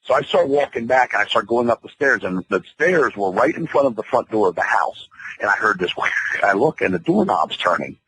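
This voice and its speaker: Fast-talking, low-voiced man telling a story. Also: background noise. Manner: profane, rambling, animated. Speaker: interview guest. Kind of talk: casual storytelling. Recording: radio interview audio.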